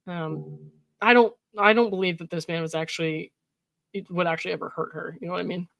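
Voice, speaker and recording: A woman's voice: lowish voice, steady tone, a little fast, gravelly, fairly bright tone, no room sound, lo-fi sound. Laughing woman reading texts aloud. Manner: laughs often, reads quoted texts with mock emphasis, frequent likes and ums; exasperated, incredulous asides. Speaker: commentary channel host.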